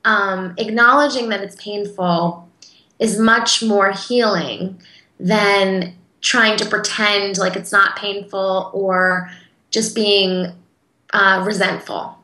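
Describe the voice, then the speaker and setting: A woman's voice: mid-range voice, steady tone, pushed and bright, echoey room, poor audio. A woman interview guest speaking in a casual, earnest and heartfelt way, with frequent fillers. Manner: earnest, heartfelt, talks in quick bursts with fillers.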